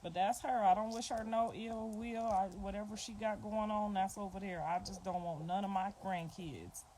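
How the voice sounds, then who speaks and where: A woman's voice: medium pitch, steady tone, moderate pace, warm tone, low-quality recording. A middle-aged woman chatting casually on a livestream, talking bluntly and repeating her points. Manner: blunt, repetitive, informal talk. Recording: clicking noise behind the voice.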